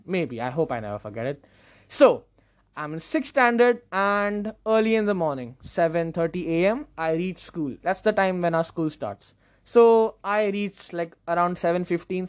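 A man telling a story casually as a podcast host, acting out quotes with sudden high jumps and laughing often mid-sentence. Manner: animated, acts out quotes with big jumps in pitch.

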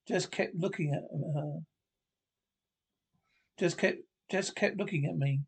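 A man's voice: fairly high pitch, slow, creaky, breathy edge, exaggerated voice. A man reading the lines of a jealous, possessive young daughter, speaking in a sulky, pleading way.

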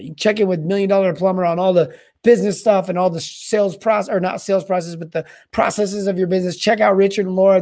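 Energetic rambling man hosting a podcast. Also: sits high. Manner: energetic, rambling, repeats words and restarts often. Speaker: podcast host. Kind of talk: solo podcast talk on plumbing sales and service.

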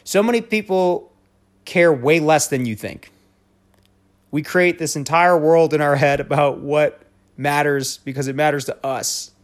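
A man's voice: a little high, measured pace. Blunt, profane male podcast host. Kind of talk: casual rant monologue.

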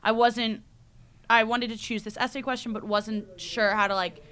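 A young woman, a university student, chatting casually on a podcast and telling a rambling, animated story full of "like"s. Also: on the high side, normal speed, clear, resonant tone. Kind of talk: casual chat.

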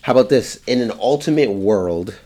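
A man's voice: on the low side, animated, normal speed, dark tone. A man chatting casually as a podcast guest, joking and laughing often. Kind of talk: casual chat.

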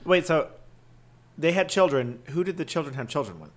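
A man's voice: a little high, expressive, fairly quick. A man chatting casually, with playful reactions and jokes. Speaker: co-host. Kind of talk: casual chat.

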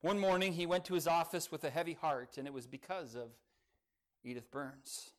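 A male pastor preaching a sermon, telling a story earnestly with dramatic pauses. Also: on the high side, fairly even intonation.

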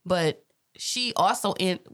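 A young woman co-hosting a podcast, chatting casually and telling a work story with lively voiced quotes. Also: on the low side, takes it slowly. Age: young adult. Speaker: podcast co-host. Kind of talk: casual chat.

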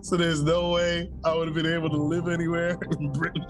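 A man's voice: a little high, brisk, music in the background. A man in his thirties, a podcast co-host, telling stories in a casual chat and laughing often. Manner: animated, laughs often, storytelling.

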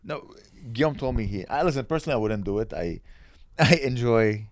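A man's voice: mid-range voice, lively intonation, a little fast, slight background noise. A man co-hosting a podcast in casual chat, rambling and swearing freely as he riffs on ideas. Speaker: podcast co-host.

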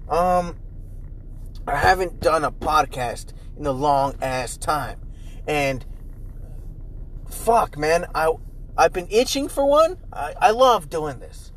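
A young man hosting a casual solo podcast from inside his car, rambling and swearing with animated, profane energy. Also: takes it slowly, pauses often, a little hiss or hum, poor audio. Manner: animated, profane, jumps into loud high mimicry. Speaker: podcast host.

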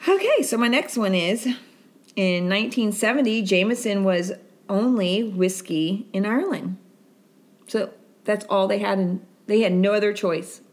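A woman's voice: mid-range voice, unhurried. A middle-aged woman from Florida co-hosting a casual chat, rambling through fun facts and laughing often. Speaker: podcast co-host.

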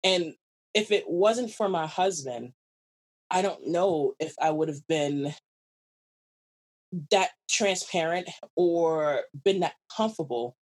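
Woman, interview guest; animated, quotes people with voices, salty language. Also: fairly low pitch, slow pace, pauses often, husky. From New York. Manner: animated, acts out quoted voices, swears freely. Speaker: guest, runner and writer. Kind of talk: casual storytelling interview.

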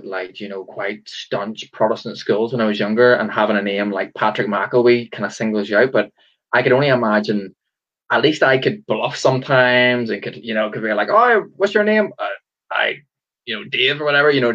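A man's voice: on the low side, steady tone, brisk, a bit bright. A man hosting a podcast, musing in a rambling, reflective way with many fillers. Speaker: podcast host. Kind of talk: casual interview. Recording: dull lo-fi sound.

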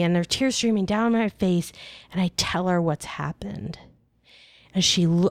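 Animated woman telling a story, dry sound. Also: no echo. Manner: animated, voices quoted people with big pitch jumps; conversational, with many fillers like "like". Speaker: podcast storyteller. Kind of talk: casual personal storytelling.

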